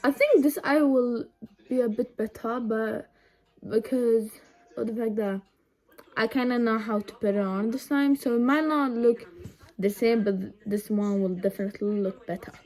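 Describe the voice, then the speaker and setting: Young woman chatting thru a makeup tutorial, kinda high voice, lots of ums, phone cam at home. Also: moderate pace, a little mellow. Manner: chatty, rambling, many ums and asides. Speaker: makeup vlogger. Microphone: phone camera set low.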